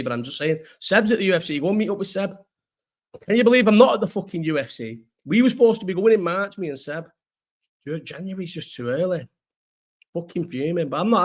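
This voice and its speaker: A young Englishman from the North rambles through a loose, sweary livestream chat, stopping and restarting his thoughts. His voice sits a little high for a man, and his throat is sore. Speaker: host.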